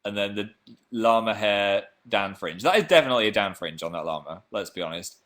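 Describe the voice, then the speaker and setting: A man's voice: fairly low pitch, a little fast, fairly bright tone. A young man from England hosting a casual live stream, chatting playfully and reading out viewer comments.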